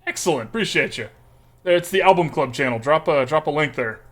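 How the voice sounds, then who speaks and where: A man's voice: on the high side, expressive, a little fast, fairly bright tone. Man in a put-on Texas drawl. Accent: put-on exaggerated Texas drawl. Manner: folksy, joking, chats with viewers. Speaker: streamer playing a card game. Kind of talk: casual live-stream commentary.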